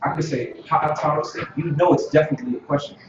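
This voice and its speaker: A man teaching an informal language class, unhurried and pausing often with fillers. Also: fairly high pitch. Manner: unhurried, many filler pauses. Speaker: Hebrew teacher. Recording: echoey, distant, dull lo-fi room recording with noise.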